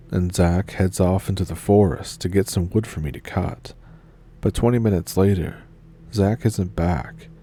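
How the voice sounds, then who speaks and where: A man reading a scary first-person story aloud in a measured storytelling manner. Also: low voice, warm tone, slight background noise. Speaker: narrator. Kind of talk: scripted horror story narration.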